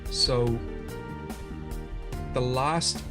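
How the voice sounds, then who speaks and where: A man's voice: mid-range voice, extremely slow, over loud music. A man co-hosting a podcast, earnestly retelling a story in casual chat, often restarting his sentences. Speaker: podcast co-host.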